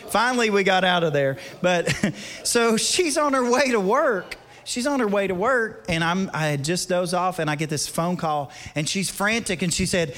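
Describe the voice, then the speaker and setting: Man, preaching to a church, high voice, long echo from a big hall. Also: moderate pace. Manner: chatty, laughs between lines, drops to a hush for drama. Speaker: guest preacher and guitarist. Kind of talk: storytelling sermon. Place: church service. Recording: long reverb from a large hall.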